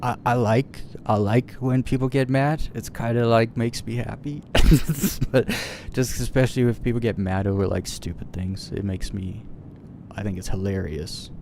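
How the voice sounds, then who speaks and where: A man's voice: medium pitch, fairly even intonation, normal speed, darkish tone, slight background noise. A man streaming a game live, chatting casually and shrugging off criticism with a laugh. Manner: casual and dismissive, laughing things off.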